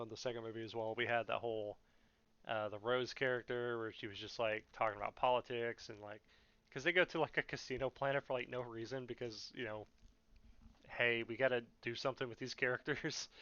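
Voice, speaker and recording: A man's voice: mid-range voice, steady tone, a little fast, fairly bright tone, smooth, highs cut off. A young man hosting a podcast, ranting in a casual, profane, mocking way and often laughing. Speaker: podcast host.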